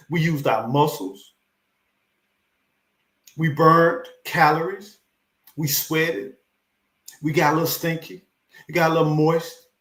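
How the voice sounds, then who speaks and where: Preachy man in an echoey room. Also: a little high. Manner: preachy, repetitive, animated. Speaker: live stream host. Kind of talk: casual motivational talk.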